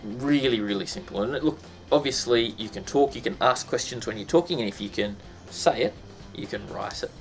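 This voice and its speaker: A man's voice: mid-range voice, fairly quick, few pauses, faint music behind. A man teaching a casual lesson, chatty and full of ums and restarts, breaking into sound effects.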